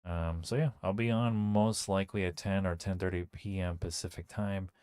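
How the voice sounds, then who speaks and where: A man's voice: low voice, fairly even intonation, moderate pace, a little mellow, smooth, no echo, clean studio sound. A young man streaming a horror game, chatting to himself and his viewers in a casual, rambling way with a sore throat. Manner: chatty, self-talking, many fillers. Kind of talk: casual live-stream commentary.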